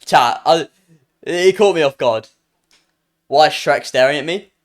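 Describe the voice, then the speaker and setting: A man's voice: on the high side, a little slow. A young British man streaming live, reacting to chat with jokes and playful banter, often trailing off and restarting his sentences.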